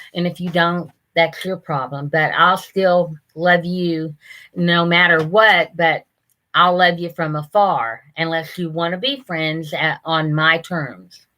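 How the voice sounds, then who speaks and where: A woman's voice: on the low side, pushed and bright. An older woman hosting a casual live stream, chatting with viewers and greeting them by name, often laughing.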